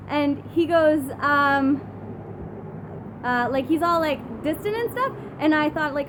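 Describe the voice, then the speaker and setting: A young woman with a high voice tells a story to her phone camera in a chatty, giggly vlog style, with lots of "like". She is recording outdoors, and loud traffic and street noise run under her voice. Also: normal speed. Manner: chatty, giggly, heavy use of "like". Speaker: vlogger. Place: outdoors outside a brewery. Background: passing cars.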